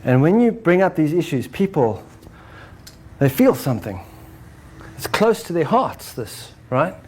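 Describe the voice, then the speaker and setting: A man's voice: a little high, very animated, measured pace, darkish tone, breathy edge. A man presenting a spiritual talk to a live audience in a casual style, often checking in with "right?". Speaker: speaker presenting his book and method.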